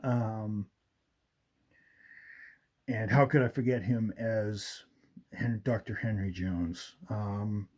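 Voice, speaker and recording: A man's voice: fairly low pitch, steady tone, slow, long pauses, a little mellow. A male radio show host chatting casually, rambling with fillers and retelling movie scenes. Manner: rambling, with many fillers and quoted movie lines.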